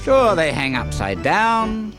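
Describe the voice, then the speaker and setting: A man's voice: high-pitched, wildly swooping pitch, slow. A man narrating a kids' wildlife program in a jokey, playful way. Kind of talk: scripted wildlife narration for kids. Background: music.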